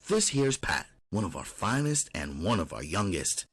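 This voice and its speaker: A man's voice: sits low, very animated, moderate pace, a bit bright, breathy edge, no room sound, pitched above the performer's own voice, exaggerated voice. A man doing a streetwise brothel madam. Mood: coaxing. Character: streetwise middle-aged woman brothel madam, coaxing. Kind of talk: audiobook character voice.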